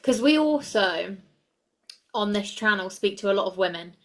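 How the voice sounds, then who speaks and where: A woman's voice: medium pitch, expressive, moderate pace. Encouraging woman podcast host. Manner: affirming, encouraging questions. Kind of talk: interview conversation.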